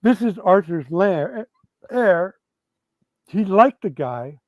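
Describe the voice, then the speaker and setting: An animated, rambling man telling tabletop gaming stories, his voice sitting fairly high. The sound is dry and close, with a dull, lo-fi edge to it. He restarts his sentences often as he warms to a story. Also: slow, no room sound. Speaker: guest game designer. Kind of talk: storytelling in a casual interview.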